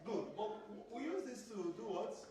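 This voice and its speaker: A high-pitched man leads a classroom drill, saying each word and asking again and again for it back. He sounds very echoey and far from the mic. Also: very animated, moderate pace, a crowd in the background. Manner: repeats words for pupils to echo, quizzing. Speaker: language teacher.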